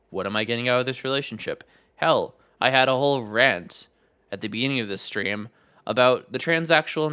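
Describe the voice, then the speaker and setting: Blunt, swearing man with a bright, crisp voice. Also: mid-range voice. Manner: blunt, swears freely, animated ranting. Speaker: streamer and podcast host. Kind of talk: casual live-stream advice chat.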